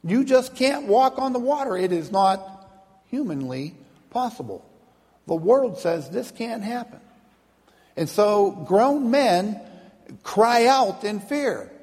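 Storytelling preacher in an echoing hall. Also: male voice, sits high, very animated, slow, darkish tone. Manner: storytelling, acting out voices of people in the story. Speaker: pastor. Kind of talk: sermon. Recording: long hall reverb.

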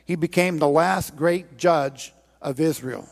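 This pastor speaks slowly with a fairly high, creaky voice. Preaching in church, he retells a scripture story in an earnest, pleading way and presses listeners to act, all echoing with a large hall's long reverb.

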